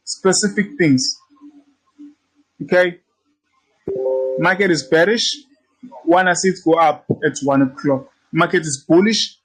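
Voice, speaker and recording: Brief: cocky male trading coach, high voice, talks casually. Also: unhurried, pauses often, a bit bright, husky, rough recording. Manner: brash, teasing, repetitive, swears freely. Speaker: trading instructor. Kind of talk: casual screen-share tutorial.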